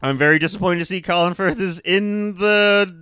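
Bright, wry-joking man. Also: sits high, normal speed, smooth, no echo, clean studio sound. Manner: wry, joking, swears casually. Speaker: podcast co-host. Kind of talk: casual movie discussion.

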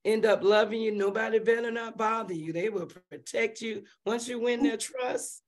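A woman with a high voice chimes in on a video call with quick, encouraging remarks. Her replies are short and supportive. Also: steady tone. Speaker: group call participant. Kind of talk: casual chat.

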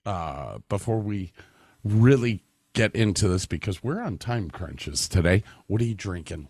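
A man's voice: on the low side, expressive, unhurried, a little mellow, dry recording, studio quality. A man hosting a podcast, telling stories with lots of laughter and swearing, acting out the voices of the people in them. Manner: laughing storyteller, swears freely, acts out voices in anecdotes. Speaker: podcast host. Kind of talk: casual chat. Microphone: studio mic.

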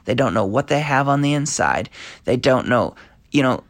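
A man's voice: mid-range voice, animated, normal speed, creaky, no echo. A man hosting a podcast and giving a preaching monologue, earnest and exhorting, quoting scripture. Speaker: podcast host.

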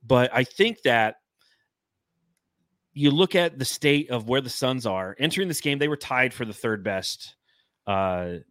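A man's voice: mid-range voice, lively intonation, unhurried, pauses often, fairly bright tone, no room sound. A man hosting a casual sports podcast, talking in a loose and profane way. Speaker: podcast host.

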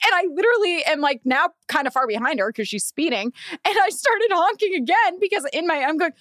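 A young woman hosting a podcast, telling a story in casual chat, animated and swearing, acting out quotes loudly. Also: extremely high pitch, a little fast, no echo. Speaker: podcast host.

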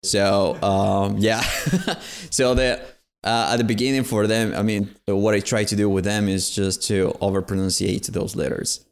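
Male host with a lowish voice, unhurried and halting as he looks for words. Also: steady tone, gravelly. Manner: hesitant, pauses to search for words. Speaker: host and language teacher. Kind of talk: casual interview chat.

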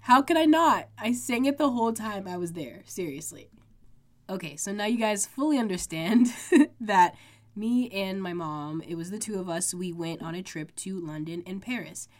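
A woman's voice: mid-range voice, animated, moderate pace, a little mellow. Congested young woman chatting on her podcast. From United States. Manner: chatty, full of "like" fillers. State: congested, sick. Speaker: podcast host. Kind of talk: casual solo podcast chat. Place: home room with makeshift sound panels.

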